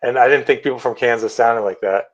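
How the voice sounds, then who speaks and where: A man's voice: medium pitch, fairly quick, dull audio. A man co-hosting a podcast, talking in an easygoing, hesitant way as he chats. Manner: easygoing, hesitant, restarts sentences. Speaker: podcast co-host. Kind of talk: casual podcast banter.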